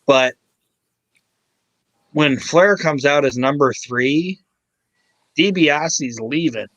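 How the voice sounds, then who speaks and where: A man co-hosting a casual podcast chat, excited and swearing freely as he talks. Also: fairly high pitch, no room sound, muffled recording. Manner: excited, swears freely, quotes others in quick put-on voices. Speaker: podcast co-host.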